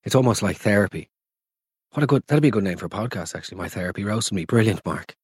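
A man hosting a comedy podcast, talking in an animated, sweary, mock-dramatic way. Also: fairly low pitch, fast talker, slightly rough, dry recording, studio quality. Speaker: podcast host.

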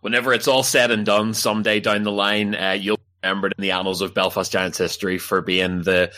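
A male podcast host with a lowish voice and a bright, forceful edge. He asks questions playfully, half teasing his guest. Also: level tone, a little fast. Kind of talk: casual podcast interview.

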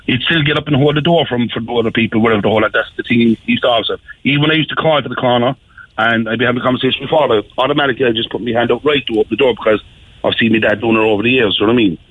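A man's voice: mid-range voice, fairly even intonation, racing, breathy edge, no echo. A man with a Cork accent, calling in to a radio show, chatting casually and rambling with lots of fillers. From Ireland. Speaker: caller. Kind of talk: casual chat. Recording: tinny phone line.

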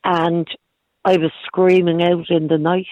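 A hoarse middle-aged woman calling in to a radio show, talking in halting, earnest bursts that repeat words. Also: fairly low pitch, level tone, no echo, dull audio. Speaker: caller. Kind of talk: phone-in radio call.

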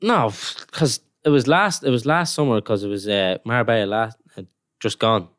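A man's voice: mid-range voice, normal speed, fairly bright tone, no room sound, studio quality. A young man, a professional footballer, telling stories in a rambling, casual way full of "like"s. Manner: rambling storytelling with many "like"s. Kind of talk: casual podcast chat.

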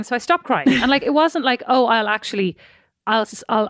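A woman, co-hosting a podcast and telling rambling, expressive stories in casual chat. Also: on the high side, quick pace, dry recording, clean studio sound. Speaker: podcast co-host.

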